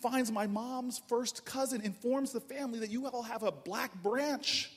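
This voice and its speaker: A man's voice: very high-pitched, measured pace, husky. A man from New Jersey, a politician, telling humorous stories to a crowd in a large public hall. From New Jersey, USA. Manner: animated, humorous, with many restarts. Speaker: politician speaking at a town hall. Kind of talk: storytelling speech. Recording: reverberant hall from far off.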